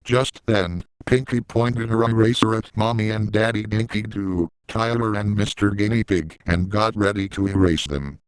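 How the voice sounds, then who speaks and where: A man's voice: lowish voice, fairly even intonation, moderate pace, few pauses, clean tone, dry recording, poor audio. A man reading a fan story aloud in a plain way, adding his own side comments. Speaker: story reader.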